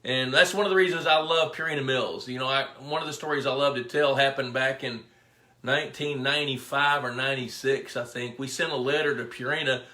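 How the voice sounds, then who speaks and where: A man's voice: medium pitch, fairly even intonation, fairly quick, bright, forceful tone. A middle-aged man hosting a casual live stream, rambling through stories and greeting viewers by name. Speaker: fisheries biologist hosting a live pond Q&A. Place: indoor room with his dog. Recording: echoey room.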